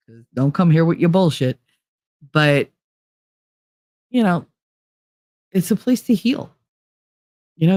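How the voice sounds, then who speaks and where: A woman's voice: low voice, dark tone, dry recording, studio quality. A woman hosting a casual livestream who talks bluntly and openly about her feelings, with frequent swearing. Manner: blunt, profane and emotionally open. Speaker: livestream host.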